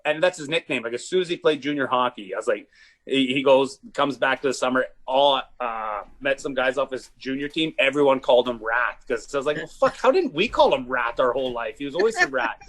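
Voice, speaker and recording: A man's voice: medium pitch, lively intonation, fairly quick, fairly bright tone. A man telling rowdy stories in casual podcast chat, swearing often and laughing mid-story. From Saskatchewan, Canada. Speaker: podcast guest, comedian.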